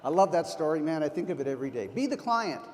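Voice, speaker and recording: A man's voice: on the high side, sing-song, fast, slight background noise. Older man giving an emphatic conference talk. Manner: emphatic, anecdotal storyteller. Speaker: keynote speaker at a sales conference. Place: large conference hall. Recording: long hall reverb.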